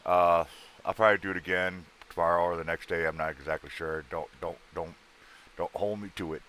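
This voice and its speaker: A man's voice: deep voice, steady tone, fairly quick, fairly bright tone, a little hiss or hum. A man hosting a casual livestream, chatting loosely with viewers, greeting them by name and joking around, his voice a little worn. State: voice worn out from an earlier show. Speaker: livestream host.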